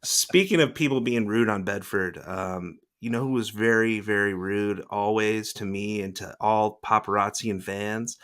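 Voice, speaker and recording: A man hosting a podcast, telling rambling stories in casual chat and slipping into lively voices to quote people. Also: on the low side, moderate pace, hardly any pauses. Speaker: podcast host, former celebrity news producer.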